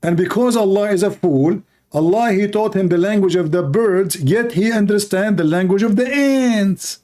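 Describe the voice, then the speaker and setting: Sarcastic guy riffing on religion debates, highish mellow voice, lots of rhetorical questions. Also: normal speed. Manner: sarcastic, rhetorical, plays both sides of a mock dialogue. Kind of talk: mocking comedic monologue.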